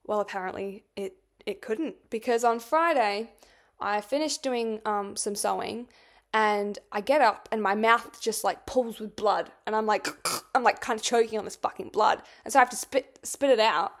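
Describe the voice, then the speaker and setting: At a moderate pace and medium pitch, a young woman on her podcast rambles casually through a personal anecdote, peppered with swearing and "like."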